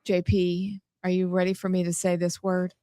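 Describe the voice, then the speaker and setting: A woman's voice: lowish voice, completely flat delivery, normal speed, mellow, dry recording, studio quality. A woman, hosting a political talk show in a playful, upbeat way. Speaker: host.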